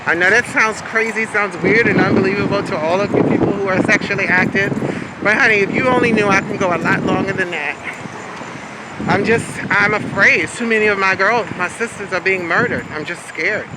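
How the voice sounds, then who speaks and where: A woman's voice: mid-range voice, fairly quick, very noisy. A woman telling a candid, sassy storytime in a casual vlog, recorded outdoors on a city street with a handheld phone. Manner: candid, sassy, says "honey" and "baby". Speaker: vlogger.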